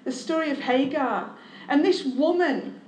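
A woman's voice: high voice, measured pace, darkish tone. A woman, a pastor giving a candid, conversational testimony sermon with self-deprecating humor. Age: 30s. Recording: echoey room.

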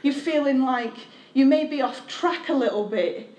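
A woman's voice: high voice, normal speed, a little mellow. A woman, a pastor giving a candid, conversational testimony sermon with self-deprecating humor. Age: 30s. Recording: echoey room.

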